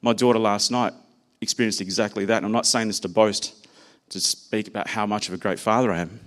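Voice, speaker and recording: Man preaching a sermon, low voice. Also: fairly even intonation, brisk. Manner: personal, conversational preaching with anecdotes.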